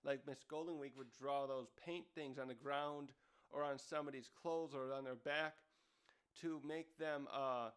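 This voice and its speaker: Clear-voiced man rambling through a manga review. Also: fairly high pitch. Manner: rambling, self-correcting. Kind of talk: casual commentary.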